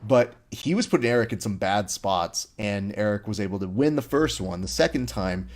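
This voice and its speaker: A fairly low-voiced man hosts a relaxed interview. He tells his stories with real energy and jumps into the voices of the people he quotes. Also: moderate pace. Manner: animated storyteller who acts out quoted lines. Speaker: podcast host. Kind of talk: casual interview chat.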